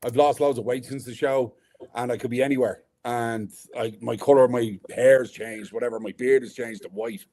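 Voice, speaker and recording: A man's voice: mid-range voice, steady tone, a little fast, a little mellow. A man with an Irish accent, a podcast guest, telling stories bluntly and jokingly and swearing freely over a video call. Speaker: guest, former reality-show contestant. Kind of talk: casual storytelling chat.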